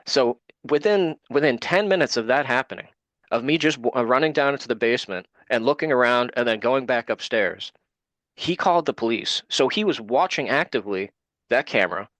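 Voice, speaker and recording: A man, speaking as an interview guest and telling a story at ordinary pitch. He acts out what others said as he goes, and the voice sounds dry and close. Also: fairly bright tone, no echo. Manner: retells events with quoted dialogue.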